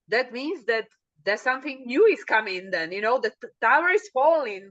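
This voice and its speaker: A woman co-hosting a casual spiritual chat, animated and acting out her own quoted thoughts. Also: a little high, highs cut off. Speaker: co-host.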